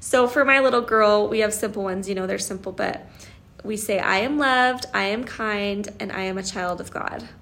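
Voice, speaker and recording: A woman's voice: medium pitch, moderate pace, a bit bright. A young woman co-hosting a podcast in casual chat, gushing and laughing often as she talks. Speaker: podcast co-host.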